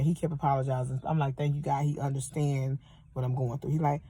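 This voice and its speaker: A woman's voice: deep voice, quick pace, slightly rough. Heated woman ranting from her car. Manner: heated, profane, animated retelling. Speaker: vlogger telling a story. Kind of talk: angry storytime rant. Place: parked car.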